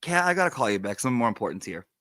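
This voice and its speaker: A man's voice: medium pitch, very animated, racing, fairly bright tone, a little hiss or hum. Chatty man hosting a live stream. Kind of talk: casual live-stream chat.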